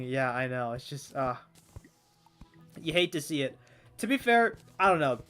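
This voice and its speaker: Hoarse young man rambling while gaming. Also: on the high side, fairly bright tone. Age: 20s. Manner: rambling, stammering restarts, swears freely. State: hoarse, strained voice. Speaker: gaming streamer. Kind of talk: casual chat while playing a game.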